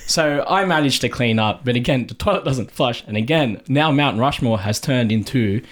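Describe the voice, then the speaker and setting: A young man spins a crude story for his podcast co-hosts. His pitch swings widely as he talks, and he laughs and stumbles over repeated words. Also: expressive, moderate pace. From Australia. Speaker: podcast co-host. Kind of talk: casual storytelling chat.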